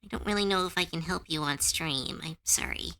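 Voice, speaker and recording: A woman streamer chats casually with her viewers, earnest and comforting, using lots of fillers and laughing easily when unsure. Her voice is lowish, brisk, pushed and bright.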